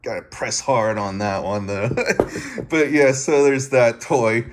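Giggly, slow-talking man. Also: mid-range voice, background noise. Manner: giggly, laughs often between phrases; halting, with many fillers and restarts. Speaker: vlogger showing his toy collection. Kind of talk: casual show-and-tell video.

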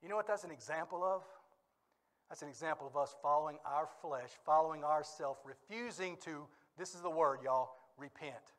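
A male pastor preaching a sermon in a church, telling stories with lively energy and bursts of laughter. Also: a little high, moderate pace. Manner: animated storytelling with bursts of laughter. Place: church sanctuary.

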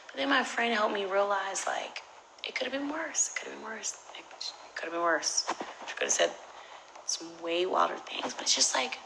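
A young woman telling a story on a phone livestream, animated and profane, swinging between loud outbursts and whispered asides. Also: medium pitch, moderate pace, gravelly, slight background noise, poor audio. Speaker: social media personality on a livestream.

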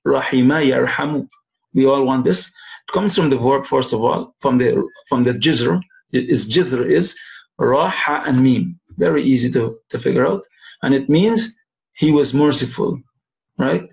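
A male teacher with a gravelly, fry-edged voice walks students through Arabic verb forms. He checks in often with "right?" and draws out each Arabic word slowly so they can repeat it. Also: mid-range voice, darkish tone, poor audio. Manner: repeats phrases and asks "right?" to check understanding; drawls Arabic words slowly to model pronunciation. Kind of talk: classroom lesson.

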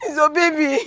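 A woman's voice: extremely high pitch, no echo, heavily acted. A woman playing a mistreated pregnant wife, pleading tearfully with her husband. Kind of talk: web skit drama acting.

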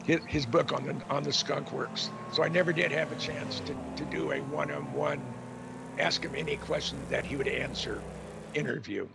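A man's voice: fairly high pitch, moderate pace, creaky. An older man as a guest on a radio talk show, speaking candidly and rambling a little, with chuckles between thoughts. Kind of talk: radio interview. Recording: noisy radio broadcast.

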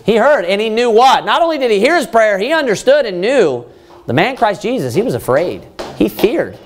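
A man, a pastor, preaching a Bible study sermon, reading verses slowly and then explaining them in plain words, rising in force to stress his points. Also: very animated, slight background noise. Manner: rises in pitch and force when stressing points.

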